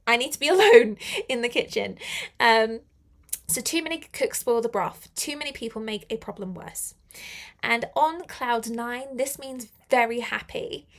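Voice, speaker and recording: A young woman leads a live English lesson, talking in a chatty, upbeat way and laughing often. Her voice sits a little high, with a gravelly fry at the ends of phrases. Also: fairly bright tone. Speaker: English teacher.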